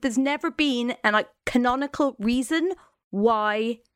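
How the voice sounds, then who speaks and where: Higher-pitched woman telling a story. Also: measured pace, clean tone, no room sound, clean studio sound. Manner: recounts a story with hesitant fillers and asides. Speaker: podcast co-host. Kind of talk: casual storytelling chat.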